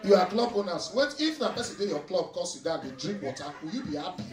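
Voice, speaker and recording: A man's voice: high-pitched, big pitch swings, fast talker. A young man with a Nigerian accent doing live stand-up crowd work, teasing the audience and laughing as he talks. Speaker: stand-up comedian. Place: noisy nightclub stage. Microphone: handheld mic. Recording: echoey club, mic picked up from far. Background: crowd laughing and cheering.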